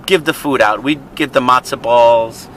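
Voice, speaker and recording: Poor audio captures a man co-hosting a vlog as he chats from a car in traffic. With a medium pitch, normal speed and fairly bright tone, he rambles through a story and laughs often.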